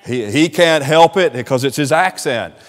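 A man with a Southern accent, a pastor preaching a sermon with animated swings in volume and laughing asides. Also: a little high, normal speed, big-room sound. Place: church sanctuary.

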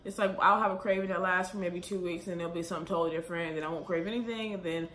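Talking fast and rambling with plenty of fillers, this young vlogger is pregnant and slightly out of breath. Her bright voice sits fairly low and stays steady, and she speaks to camera in an echoey room at home late at night, with faint ambient noise present.

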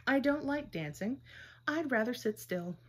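A woman's voice: a little high, lively intonation, measured pace, husky. A woman voicing a timid little male toy rabbit in a storybook read-aloud, speaking earnestly and pleadingly in a raised voice. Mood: insistent.

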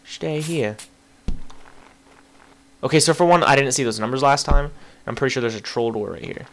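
A young man commentating on a game he plays, excitable, yelping and apologizing to the characters. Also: medium pitch, normal speed, gravelly, noisy background. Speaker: gameplay commentator. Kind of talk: casual gaming commentary.

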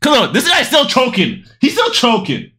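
Woman, reaction host, excitable and loud, swears a lot, fairly high voice with huge swings in pitch. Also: moderate pace. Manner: excitable, loud, repeats phrases, swears often. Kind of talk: casual video reaction commentary.

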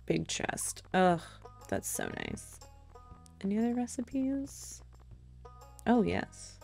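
A woman talks her viewers through a game in easy, running commentary. Her voice sits mid-pitch with a mellow, slightly gravelly texture. She gets swept up in excitement and thinks out loud as she plays. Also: a little slow, pauses often, faint music behind. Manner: excitable, exclaims and thinks aloud while playing. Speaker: let's play host. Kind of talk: casual gameplay commentary.

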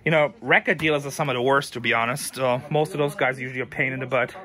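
A man's voice: mid-range voice, steady tone, racing, sharp tone. A tired man who runs a thrift store, talking casually to his viewers with rambling, frank advice. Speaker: thrift store owner and vlogger. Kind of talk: casual talk to camera.

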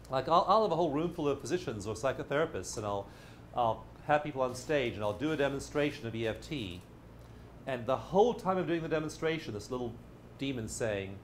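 In a casual explanatory video, a man who teaches a therapy method jokes around and voices inner characters as he teaches. He speaks quickly and expressively in a mid-range voice. There's slight background noise.

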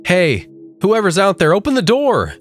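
A man voicing a frantic young man shouting for help in a creepypasta story reading. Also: high-pitched, huge pitch swings, normal speed, faint music behind, pitched above the performer's own voice. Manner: shouting commands in terror. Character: young man trapped in a maze, frantic and panicky.

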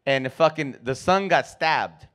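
A man's voice: fairly high pitch, lively intonation, a little slow, fairly bright tone. A man doing stand-up comedy, telling profane family stories and acting out his relatives. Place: comedy club stage.

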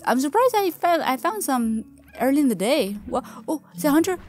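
A woman narrating her own gameplay for viewers, excitable and gushing as she goes. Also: high-pitched, brisk, few pauses, soft background music. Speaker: gaming video creator. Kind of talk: game commentary.

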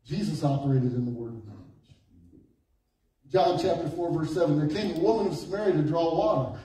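A man preaching a sermon as pastor, slow and emphatic at times, then dropping into a quiet, storytelling voice. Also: fairly high pitch. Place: church sanctuary. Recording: echoey church hall from far off.

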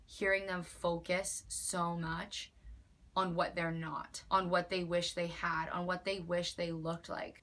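A woman's voice: on the low side, little pitch movement, a little slow, fairly bright tone. A young woman in her twenties talking earnestly in a personal vlog, emphatic and repetitive, at times near tears. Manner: earnest, emphatic, with many likes and repeated phrases. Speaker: vlogger.

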